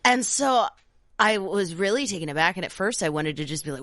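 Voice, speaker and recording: A woman's voice: on the low side, expressive, fairly quick, a bit bright, no echo, studio quality. A woman co-hosting a podcast, telling a story in casual chat, blunt and cursing freely. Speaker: podcast co-host.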